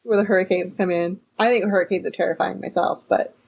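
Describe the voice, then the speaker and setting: A woman from California co-hosting a casual podcast chat, wry and relaxed, laughing often. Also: medium pitch, quick pace, vocal fry, slightly rough, highs cut off. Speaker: podcast co-host.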